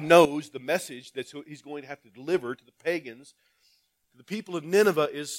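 Delivering a sermon, this male pastor reads scripture aloud and puts rhetorical questions to the congregation. He alternates between loud, emphatic calls and quiet asides, his voice pitched a little high and moving a little fast.

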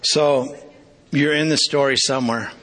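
A middle-aged man preaching a testimony sermon to a congregation, earnest and confessional, with halting restarts. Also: medium pitch, steady tone, fairly bright tone.

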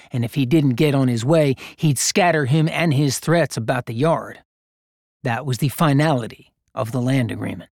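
A man reading a gritty story aloud in a measured, deliberate narration. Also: medium pitch, dry recording, studio quality. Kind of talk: scripted narration.

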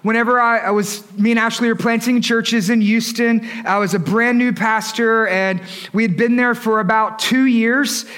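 A man's voice: very high voice, fairly even intonation, moderate pace, a bit bright, smooth. A pastor in his thirties preaching a sermon in a conversational way, often asking the congregation questions. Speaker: lead pastor.

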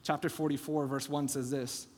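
A man's voice: fairly high pitch, little pitch movement, normal speed, darkish tone, slightly rough. A man preaching a sermon as pastor, retelling scripture scenes in an earnest, expository way. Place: church sanctuary. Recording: long church hall reverb.

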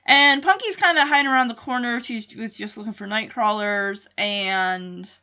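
A woman's voice: a little high, normal speed, bright, forceful tone, smooth, dull audio. A woman hosting a podcast, recapping an episode in a casual, rambling way and thinking aloud with many fillers and restarts. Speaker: podcast host.

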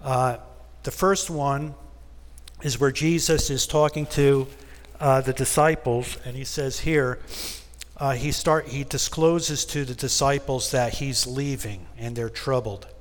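A man's voice: mid-range voice, steady tone, a little slow. A man leading a Bible study, reading scripture aloud and explaining it with casual asides. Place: church. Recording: long reverb in a church hall.

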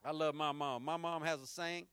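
A middle-aged man preaching a sermon as pastor, telling stories with animation and swinging from loud punchy lines to hushed tender ones. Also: a little high, fairly even intonation, moderate pace, clear, resonant tone, no room sound.

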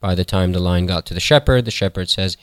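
Deep-voiced man retelling a folktale. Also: clear, resonant tone, dry recording. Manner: halting, with fillers and self-corrections. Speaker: storyteller.

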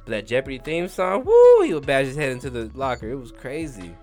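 A man's voice: mid-range voice, huge pitch swings, fairly quick, few pauses, a little mellow, faint music behind. A man co-hosting a comedy podcast, telling rambling crude stories, swearing and laughing a lot. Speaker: podcast co-host.

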